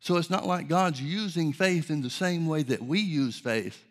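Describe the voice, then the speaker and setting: A man delivering a sermon in a slightly raised voice. He teaches in a measured, emphatic way and repeats key phrases to drive them home. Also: fairly high pitch. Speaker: preacher.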